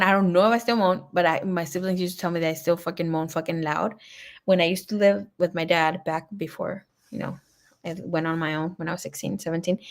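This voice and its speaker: A woman tarot reader chatting casually on a livestream, telling rambling stories full of swearing and laughter. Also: fairly low pitch. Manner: chatty, profane storytelling; laughs often.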